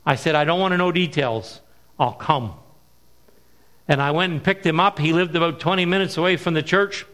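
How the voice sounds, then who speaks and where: A middle-aged man preaching at a missions conference, telling stories and stressing key words slowly. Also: a little high, a bit bright. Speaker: missionary speaker. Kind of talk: sermon with storytelling.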